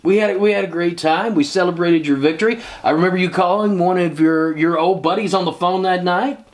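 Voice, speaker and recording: Excited, fast-talking man hosting a wrestling interview. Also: high voice. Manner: enthusiastic, repeats himself, emotional. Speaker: host. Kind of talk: casual interview chat.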